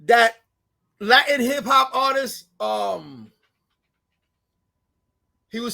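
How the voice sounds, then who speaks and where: A Puerto Rican man from New York with a New York Puerto Rican accent, a comedian telling stories in a casual interview, animated and profane, dropping Spanish phrases and acting out the people he quotes. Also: very high voice, extremely slow, creaky, long pauses. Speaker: comedian and radio host, guest.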